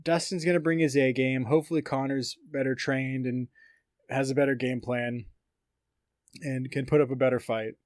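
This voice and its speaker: A man co-hosting a podcast, talking at a medium pitch in a loose, rambling way full of "like" and "you know" as he walks through fight news and reads quotes aloud. The sound is dry and close, with almost no room echo. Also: level tone, normal speed, a little mellow. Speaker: podcast co-host. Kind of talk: casual podcast chat about fight news.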